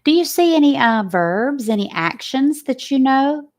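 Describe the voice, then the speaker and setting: A woman teacher giving a spelling lesson to children, slowly sounding out letters, asking questions and praising answers. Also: high voice, animated. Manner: slow, sounding out letters and phonics.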